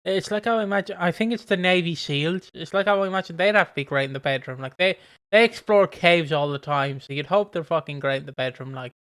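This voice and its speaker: A man's voice: on the high side, fast, fairly bright tone, no room sound. A man co-hosting a casual podcast chat, rambling with fillers and easy laughs. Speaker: podcast co-host.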